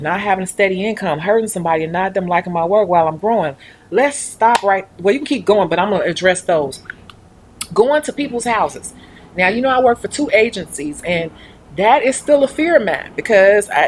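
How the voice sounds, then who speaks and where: A woman's voice: mid-range voice, slightly rough. A woman talking casually on her own livestream about life as a nail technician. She tells her stories with animation and acts out other people's voices along the way.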